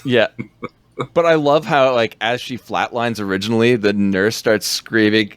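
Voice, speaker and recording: A man's voice: on the low side, steady tone, normal speed, smooth, no echo. A man co-hosting a podcast, rambling through a film recap in casual chat, laughing often.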